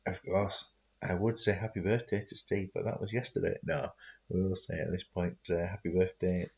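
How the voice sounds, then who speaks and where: A man with a low, gravelly voice calls the action of a football game stream in a loose, chatty way. He chuckles often and trips over the odd word, and the sound is dull and lo-fi. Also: level tone, normal speed, a little hiss or hum. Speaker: host and commentator. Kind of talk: casual game-stream commentary.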